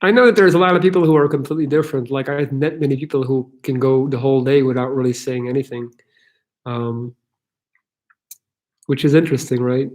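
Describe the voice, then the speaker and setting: Brisk and steady in tone, a man with a darkish, mid-range voice runs a livestream Q&A. Fielding viewer questions, he stays chatty, cracks jokes and laughs readily.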